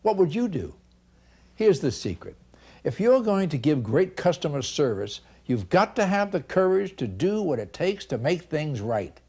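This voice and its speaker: An older man gives a customer service seminar in a storytelling style, animatedly acting out dialogue and laughing often. His husky voice is fairly high and moves at a moderate pace.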